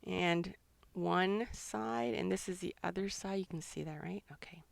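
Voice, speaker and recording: During a live drawing session for children, a middle-aged author and illustrator talks excitedly, thinking out loud as she works. She has a fairly low, gravelly voice, speaks a little slowly, and the recording has no echo.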